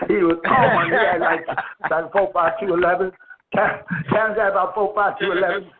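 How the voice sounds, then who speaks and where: Heard through a tinny phone line with faint noise, a man with a high voice keeps a steady tone at normal speed. He's at a friend's house hosting a casual call-in chat, telling loose, profane stories and laughing often.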